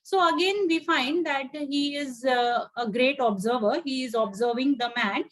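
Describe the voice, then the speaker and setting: A woman tutor teaching an online English class, reading a story aloud and explaining it line by line with patient pauses. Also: high voice, fairly bright tone. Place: home, on a video call.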